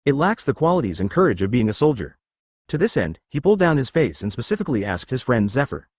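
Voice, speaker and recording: A man's voice: medium pitch, very animated, quick pace, breathy edge, no echo, clean studio sound. A man reading a story as narrator in a mechanical way, saying symbols and numbers aloud. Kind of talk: scripted narration.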